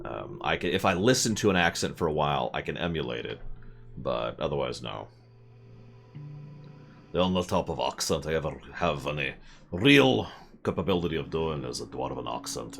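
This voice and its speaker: A man streaming a video game, rambling and joking as he plays, often jumping into high mock voices. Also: gravelly, a bit bright. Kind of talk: casual gameplay commentary.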